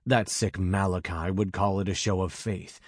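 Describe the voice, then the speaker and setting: A man narrating an audiobook in a measured, dramatic way on a close mic. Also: deep voice, steady tone, no room sound.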